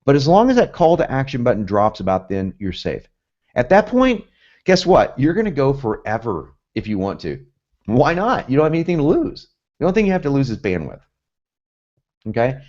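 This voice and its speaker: The man's mid-range voice swoops wildly in pitch, running a little fast with a slightly mellow quality on dull audio. In a pumped-up, emphatic copywriting lesson, he repeats himself often and wanders into asides. His Southern US accent, with some Northern traces, comes from a life in both the North and South.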